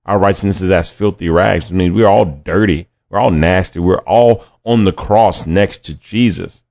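Gravelly low-voiced man preaching. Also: moderate pace, darkish tone. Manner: conversational, repeats words, acts out quoted voices. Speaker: podcast preacher. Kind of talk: sermon teaching with scripture reading. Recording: dull lo-fi dry recording.

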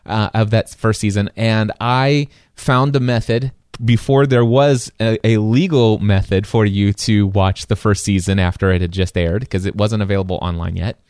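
A man co-hosting a podcast, telling a story in casual chat with animated asides. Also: fairly low pitch, clean tone, no echo, studio quality. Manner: animated, quick asides, acts out his own reactions. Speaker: podcast co-host.

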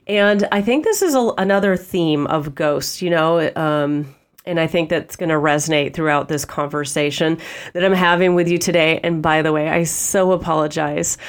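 A woman with a lower voice, stuffy and nasal from a head cold. She hosts her podcast unscripted, rambling warmly from one point to the next and tossing in frequent "okay?" and "right?" check-ins. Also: moderate pace, clean tone. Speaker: podcast host. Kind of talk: off-the-cuff spiritual podcast monologue.

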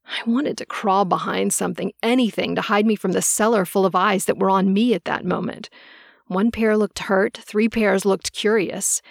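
A woman narrating a first-person audiobook with a measured reading. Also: medium pitch, steady tone, gravelly, no room sound, studio quality.

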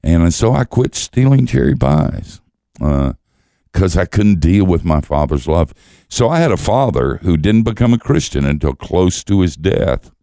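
A man's voice: sits low, gravelly, warm tone, dry recording, studio quality. An older man, a guest teacher, telling stories in conversation with wry, self-mocking humor and frequent chuckles. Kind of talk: storytelling conversation.

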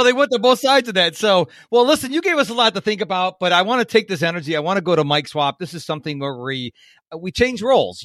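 A man's voice: high voice, a bit bright, no room sound, studio quality. A man hosting a podcast, talking in an upbeat, enthusiastic way and laughing easily. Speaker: podcast host. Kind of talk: casual podcast interview.

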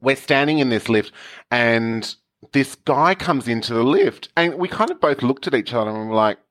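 A man, telling camp, animated stories in casual chat. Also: medium pitch, normal speed. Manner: camp, animated anecdote teller with acted quotes. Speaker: guest storyteller.

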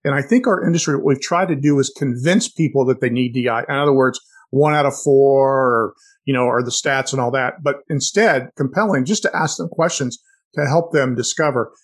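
A man co-hosting a sales podcast, talking in an animated way and telling stories with frequent restarts. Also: mid-range voice, brisk, breathy edge. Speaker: podcast co-host. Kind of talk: casual sales chat.

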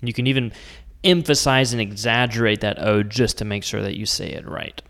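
A man from the United States teaching Spanish words in a patient, explaining lesson, slowing down to spell out each word. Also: lowish voice, creaky, fairly bright tone, long reverb tail. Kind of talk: scripted language lesson.

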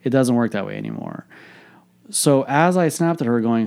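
A man's voice: mid-range voice, wildly swooping pitch, normal speed, gravelly, darkish tone. A man, a coach, telling a candid personal story in a frank, reflective way, swearing freely.

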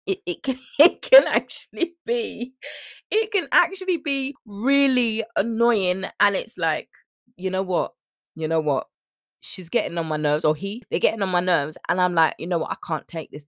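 A woman's voice: medium pitch, normal speed, no room sound, studio quality. A woman hosting a podcast as a weight-loss coach, talking casually and acting out sing-song quotes of other people. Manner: chatty, animated, acts out sing-song quotes. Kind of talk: casual solo podcast talk.

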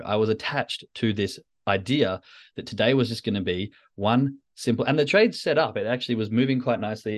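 A man hosting a solo podcast, talking candidly and self-critically with frequent restarts. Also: on the low side. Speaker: podcast host, trader. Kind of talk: reflective solo podcast talk.

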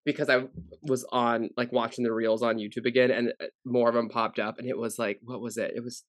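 A man's voice: medium pitch, little pitch movement, fairly quick, no echo, clean studio sound. A man co-hosting a casual podcast, rambling through stories with lots of fillers. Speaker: podcast co-host.

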